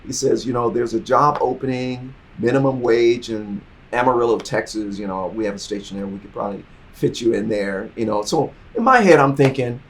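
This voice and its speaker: A middle-aged man telling his career story in an interview, acting out the people in it and swinging from quiet asides to loud, excited bursts. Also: brisk, few pauses. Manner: animated, acts out dialogue, swings from low asides to loud bursts. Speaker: interview guest.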